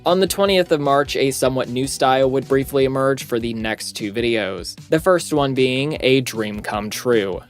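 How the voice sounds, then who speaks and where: Man, mid pitch, video essay narration, scripted, casual wry asides, faint background music. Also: normal speed, hardly any pauses.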